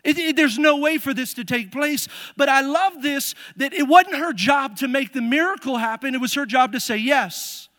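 A male pastor delivers an animated sermon in a church, his voice strikingly high and bright. His emphasis keeps rising as he presses his points. The sound carries a long echo from the church hall. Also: moderate pace, hardly any pauses. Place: church sanctuary.

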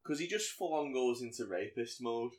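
A man talks through a film plot with a friend, loose and chatty. He keeps slipping into character voices for the lines he quotes, and his everyday voice sits at a medium pitch. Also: moderate pace. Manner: animated storyteller, acts out quotes in voices. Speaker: podcast co-host. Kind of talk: casual chat recapping a film.

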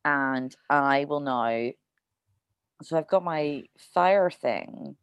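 A woman's voice: low voice, extremely slow, clear, resonant tone. A woman playing a tabletop game, blunt and jokey, swearing freely. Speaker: player. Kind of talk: casual tabletop game banter.

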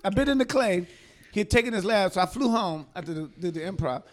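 A man with a very high, lively voice tells a story in loose, casual chat. His pitch swings widely as he laughs his way through his own punchlines. He is loud, profane and animated. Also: fast talker.

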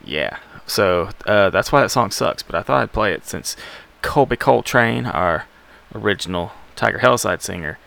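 Gravelly deep man hosting. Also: sharp tone. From Alabama. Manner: rambling and laid-back, with self-deprecating laughs. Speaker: music show host. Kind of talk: casual radio show chat.

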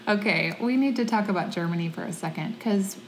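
Casting: friendly-paced woman host, mid-pitched, casual and laughing. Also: fairly quick, a little hiss or hum. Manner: chatty, laughing while retelling stories. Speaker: podcast host. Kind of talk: casual chat.

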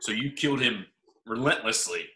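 Bright, animated teasing man, echoey room. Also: mid-range voice, normal speed, a little hiss or hum. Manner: teasing, ribbing his co-host. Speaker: podcast co-host. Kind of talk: casual chat.

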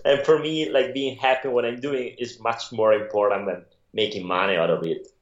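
A man's voice: mid-range voice, steady tone, moderate pace, reverberant, lo-fi sound. A middle-aged Italian man with an Italian accent, telling his story as a guest in a rambling, laughing interview chat. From Italy. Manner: rambling, many restarts and laughs. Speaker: guest photographer.

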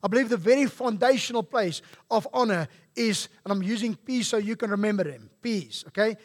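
High-voiced South African male preacher. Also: fairly quick. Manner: emphatic preaching, rising and falling sharply in loudness. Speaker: pastor. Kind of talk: sermon.

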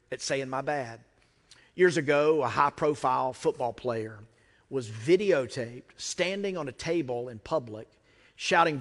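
A man with a medium-pitched, slightly bright voice and an American accent preaches as a pastor. He talks conversationally, using emphatic repetition, and the recording has the long reverb of a large hall.

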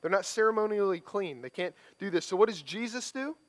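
Male pastor, high-pitched voice, easygoing preaching with frequent restarts. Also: expressive, fairly quick. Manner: conversational, tag questions, repeated restarts. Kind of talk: sermon.

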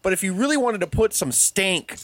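A man in his forties rants through a wrestling review with cheerful profanity, his pitch leaping up and down as he makes his points. The sound is close and dry, with no room around it. He sounds sure of his opinions and talks like a regular host among friends. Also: lively intonation, fairly quick, a bit bright, dry recording. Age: 40s. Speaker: podcast co-host. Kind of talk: casual wrestling review chat.

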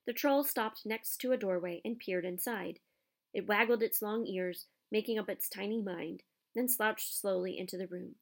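A woman reading a children's novel aloud with expressive storytelling. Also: medium pitch, moderate pace, creaky. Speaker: narrator. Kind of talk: audiobook narration.

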